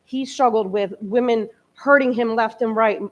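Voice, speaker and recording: A woman in her early forties speaks from the front of a church, telling her own story of lost and found hope. Her voice sits a little high, and she talks in a candid, conversational way that turns emotional as she goes. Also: fairly even intonation, normal speed, dull audio. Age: 40s. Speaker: guest speaker. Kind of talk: personal testimony sermon. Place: church sanctuary.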